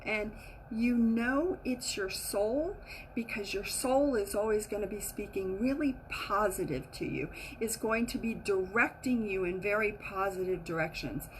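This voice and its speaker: A woman giving a casual teaching talk as a spiritual teacher, animated and acting out the inner voices she quotes. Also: mid-range voice, a little hiss or hum, rough recording.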